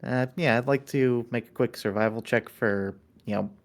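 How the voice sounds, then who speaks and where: A man's voice: mid-range voice, normal speed. A man playing a tabletop game, narrating what his character does with many hesitant fillers. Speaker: player.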